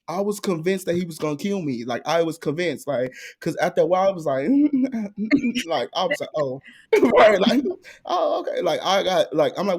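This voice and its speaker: A young man co-hosting a podcast, telling a story in casual chat and jumping into high, excited voices. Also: moderate pace, slightly rough. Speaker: podcast co-host.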